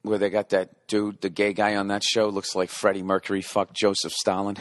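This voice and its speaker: Speaking in a low monotone at a moderate pace, a podcast host in his forties delivers a wandering comic monologue in a dry recording. He curses without restraint, imitates club beats vocally, and tosses in asides that mock himself.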